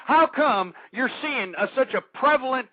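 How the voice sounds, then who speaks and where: A man hosts an internet talk radio show in an angry, preachy rant. His high voice keeps stumbling into repeated words as he works himself up. The sound is dry and dull, with a lo-fi, muffled tone. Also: lively intonation, normal speed, no echo. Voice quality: stammering, repeats words when worked up. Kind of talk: ranting talk radio monologue.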